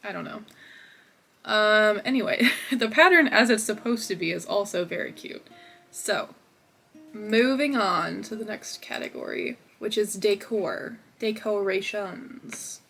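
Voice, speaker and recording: A woman's voice: medium pitch, lively intonation, unhurried, vocal fry, a bit bright, faint music behind. A young woman hosting a crochet video, chatting casually and upbeat from her home office with lots of fillers. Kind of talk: casual vlog chat.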